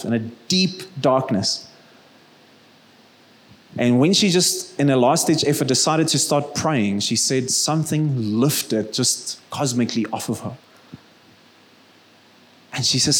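A man giving an earnest, conversational sermon and leading a prayer, telling stories with casual fillers. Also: a little high. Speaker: preacher.

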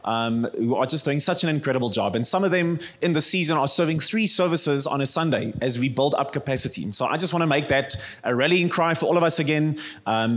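A man with a South African accent preaching a sermon to a church congregation, conversational and storytelling, calling for the congregation's response. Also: mid-range voice. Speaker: pastor. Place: church service.

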